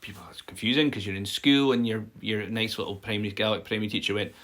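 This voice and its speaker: A man teaching an informal live-streamed language lesson, chatty and explanatory, often checking in with "okay?" and filling pauses with "um". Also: lowish voice, fairly even intonation, fairly bright tone. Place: home setup for a live stream. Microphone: phone or built-in mic.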